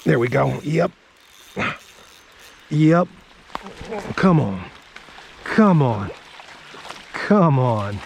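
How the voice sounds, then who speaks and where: A man fishing from a creek bank outdoors, giving excitable casual commentary and talking to himself and his viewers. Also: mid-range voice, extremely slow, gravelly, pauses often, slight background noise. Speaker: fishing vlogger.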